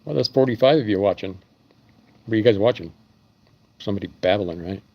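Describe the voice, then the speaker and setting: A man's voice: on the low side, a little fast, dull audio. A man who runs an engine machine shop, rambling through stories in a casual live stream. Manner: rambling storytelling with fillers.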